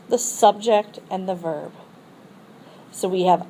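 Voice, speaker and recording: A woman teacher explains French question words in a recorded lesson, going step by step. She pronounces phrases clearly for students to repeat. Her pitch sits in the middle, and a faint noise hums underneath. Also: lively intonation, unhurried, warm tone, low-quality recording. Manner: explains step by step, models French pronunciation for repetition.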